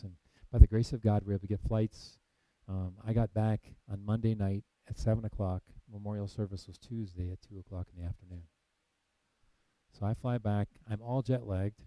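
A man's voice: fairly low pitch, warm tone, no room sound, low-quality recording. A man in missionary work telling his personal faith testimony in an earnest storytelling way, acting out past conversations between frequent fillers. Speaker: missionary ministry leader.

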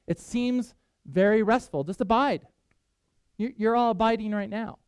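A man's voice: high voice, moderate pace, darkish tone, smooth, no room sound, clean studio sound. A man preaching a sermon, earnest and conversational, with self-deprecating asides. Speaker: pastor.

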